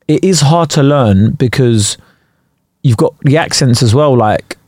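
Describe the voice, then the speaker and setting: A man's voice: mid-range voice, unhurried, a little mellow, dry recording, studio quality. A man co-hosting a podcast in casual chat, swearing freely and slipping into playful put-on accents. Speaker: podcast co-host.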